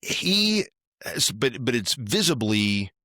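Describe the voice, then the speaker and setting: A man's voice: medium pitch, big pitch swings, takes it slowly, bright, forceful tone, no echo, studio quality. A man co-hosting a podcast, telling a long rambling story in casual chat, tagging his points with "right?". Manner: rambling, tags lines with "right?". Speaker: podcast co-host.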